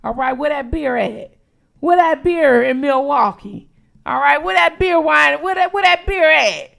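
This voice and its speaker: A woman from Detroit hosting a late-night livestream, chatting casually with viewers and reacting quickly to each comment. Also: high voice, gravelly. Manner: animated, reads out viewer locations with quick reactions. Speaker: livestream host.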